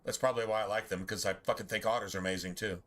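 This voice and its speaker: A man's voice: fairly low pitch, fairly even intonation, racing, a bit bright. Blunt, rambling man streaming a game. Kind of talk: casual gameplay commentary.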